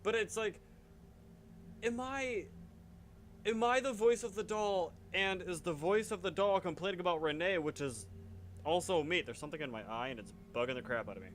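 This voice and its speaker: A man's voice: sits high, moderate pace, a little hiss or hum. A man hosting a let's play, rambling and joking at himself as he reacts to the game. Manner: rambling, self-mocking, reacting aloud.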